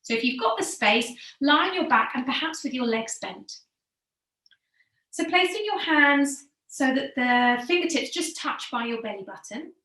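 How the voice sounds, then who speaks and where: Calm female yoga teacher, slightly high voice, soft, unhurried cues, recorded at a distance in a roomy space. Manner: calm, slow and soothing, drops to soft low guidance. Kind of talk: guided yoga breathing instruction. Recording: echoey room, from far off the mic.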